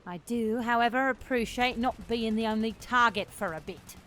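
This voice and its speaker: A sarcastic soldier woman with a short fuse, voiced by a man reading aloud, flat and growly in a raised voice. A faint hum of surroundings sits behind her. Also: extremely high pitch, normal speed, pitched above the performer's own voice. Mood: irritated. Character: gruff, sarcastic female soldier.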